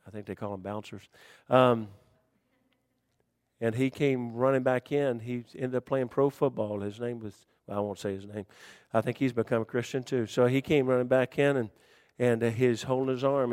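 A man preaching a sermon in folksy dialect, swinging between shouted warnings and hushed, quiet storytelling. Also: mid-range voice, steady tone, normal speed, clear, resonant tone, no room sound, studio quality.

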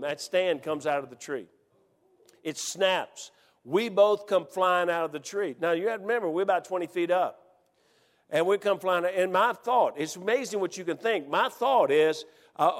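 A man with a fairly high voice tells a comic personal story with lively energy, laughing along as the tale builds. His voice carries a long reverb, as if spoken in a large hall. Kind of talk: animated personal anecdote.

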